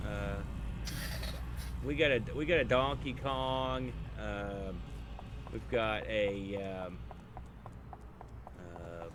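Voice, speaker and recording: A man chatting casually with friends while playing an online game, relaxed and joking. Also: lowish voice, very slow, long pauses. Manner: relaxed, joking, laughs often. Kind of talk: casual gaming chat with friends. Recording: loud background noise.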